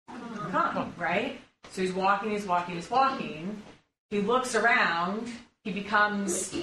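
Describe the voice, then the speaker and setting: A woman with a medium-pitched, slightly bright voice leads a conversational sermon, drawing her group in with questions as she works through a Bible passage. She may be a pastor or Bible study leader, and the recording sounds roomy, with a distant mic and faint room noise.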